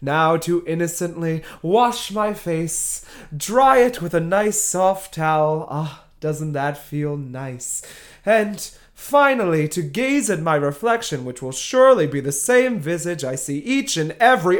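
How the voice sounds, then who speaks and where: A man's voice: fairly high pitch, animated, unhurried. A man, a podcast host, acting in a comedy sketch with a melodramatic, self-mocking delivery.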